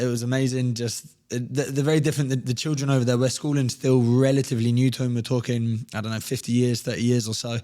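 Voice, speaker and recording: A man speaks in a middle-pitched, everyday voice. He tells his stories as a podcast guest, easygoing and rambling, often restarting his sentences. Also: a little mellow. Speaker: guest, fitness coach. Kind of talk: casual storytelling.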